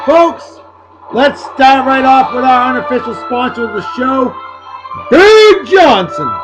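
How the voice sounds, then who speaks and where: A man from Massachusetts with a Boston-area accent, hosting a casual beer-tasting vlog at his home desk in a hammy, jokey way. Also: very high voice. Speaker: beer review show host.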